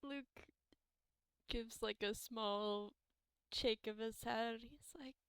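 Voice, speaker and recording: A woman's voice: a little high, steady tone, slow pace, clean tone, no room sound, studio quality. A woman playing in a tabletop role-playing game, reacting with emotion, laughing and drawing her words out. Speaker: player. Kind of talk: tabletop role-play chat.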